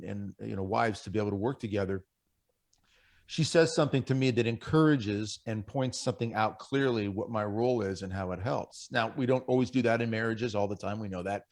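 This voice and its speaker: A middle-aged man, a guest on a Catholic radio show, telling stories and earnestly urging other men on over a studio microphone. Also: lowish voice. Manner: earnest, exhorting, anecdotal. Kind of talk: conversational faith radio talk.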